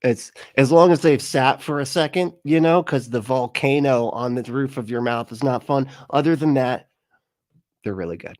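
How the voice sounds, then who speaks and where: A man's voice: medium pitch, normal speed, darkish tone, dry recording, clean studio sound. Laughing, rambling male reaction host. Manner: laughing, rambling, mocking asides. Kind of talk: casual reaction commentary.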